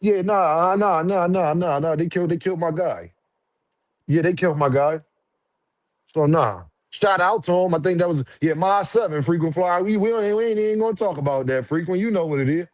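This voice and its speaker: A boxing commentary streamer chats casually on a livestream, his high male voice fairly quick and a little mellow. He talks in loose, profane, repetitive slang, and the audio has no echo.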